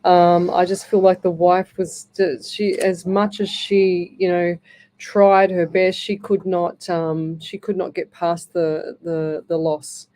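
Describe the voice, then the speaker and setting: An Australian woman in middle age talks on a live radio show as a psychic medium, rambling, restarting and filling gaps. Her voice sits a little low and sounds mellow and warm. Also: level tone, slow. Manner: rambling, with many restarts and fillers.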